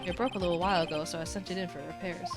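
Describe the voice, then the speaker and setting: A woman voicing a brash, excitable young man who runs a hot dog stand, talking in loud slang. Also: on the low side, rapid-fire, loud music behind the voice, lightly acted. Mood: offhand.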